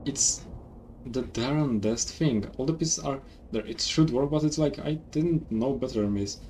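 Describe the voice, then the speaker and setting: A man's voice: medium pitch, unhurried, darkish tone, a little hiss or hum, lightly acted. A man voicing a humble, folksy male engineer in a game who talks in a drawl and calls people "miss". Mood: puzzled.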